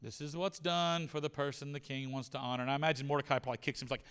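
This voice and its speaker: A man preaching a sermon in a church, retelling a story with animated voices for the characters. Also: on the high side, racing, few pauses, clear, resonant tone. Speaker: pastor. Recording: reverberant church hall.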